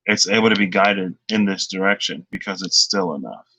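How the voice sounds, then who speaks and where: A man giving a casual tarot reading, chatty and thinking aloud, slipping into animated retellings. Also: deep voice, fairly quick, husky, no room sound, rough recording. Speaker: tarot reader.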